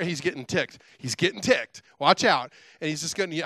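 A middle-aged pastor preaches a sermon, telling the story with animated energy and chatty asides. His voice is bright and forceful and sits slightly high. The sound is dry and close. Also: normal speed, hardly any pauses, dry recording.

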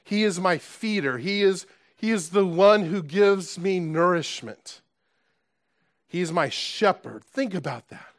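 Earnest male preacher, slightly high voice. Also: a little slow, no echo, clean studio sound. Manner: earnest, emphatic, with restarts and rhetorical questions. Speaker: pastor. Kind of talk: sermon.

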